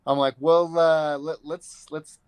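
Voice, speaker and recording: A man's voice: on the high side, little pitch movement, slow, clean tone, no room sound. A man in his thirties telling a story casually in an interview, loose and profane, acting out what people said. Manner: loose, profane, acts out quotes. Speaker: fighter being interviewed.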